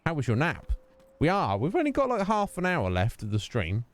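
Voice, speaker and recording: A man's voice: fairly high pitch, wildly swooping pitch, moderate pace. A man streaming a video game, chatting casually and thinking aloud as he plays and greets viewers. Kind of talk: casual gameplay commentary.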